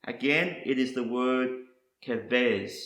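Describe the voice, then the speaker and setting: A man teaching Bible word meanings in a deliberate, scripted way, setting out one meaning after another. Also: mid-range voice, sharp tone, reverberant.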